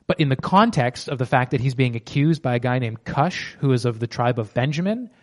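A man of middle pitch leads a Bible teaching. He reads the verses slowly and deliberately, then explains them in a loose, chatty way full of fillers and restarts. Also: expressive.

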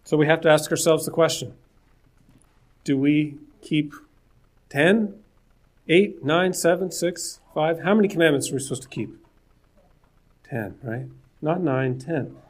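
A man preaching a sermon, with a voice that sits a little high for a man. He talks in an earnest, conversational way and breaks off for jokes and asides to the listeners. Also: a little slow, pauses often.

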